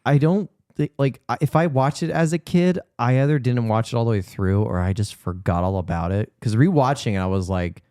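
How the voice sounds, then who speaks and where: A man's voice: mid-range voice, a little fast, few pauses, warm tone, dry recording, clean studio sound. A man co-hosting a podcast in casual chat, trading playful banter. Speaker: podcast co-host.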